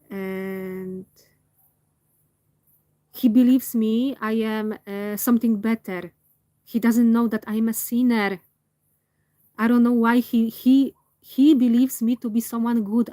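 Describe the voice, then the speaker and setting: A woman with a somewhat high voice talks very slowly and earnestly, working through her thoughts aloud. She pauses and restarts often as she searches for words, but stays candid throughout. The sound is close and dry, with no room around it. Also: mellow, dry recording. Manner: slow, hesitant, searching for words. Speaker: vlogger. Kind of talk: personal reflective monologue.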